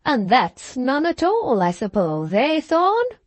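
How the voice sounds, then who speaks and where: Woman doing a loud grumpy sick old man, blustery, slow. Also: high-pitched, huge pitch swings, dry recording, voice pushed up, exaggerated voice. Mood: blustering. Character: petulant, bedridden old man.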